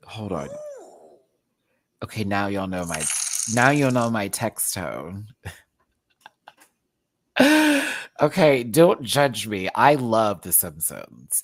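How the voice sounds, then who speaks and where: A woman's voice: extremely low pitch, dry recording. A woman hosting a live recap show, ranting casually and expressively, laughing often and swearing freely.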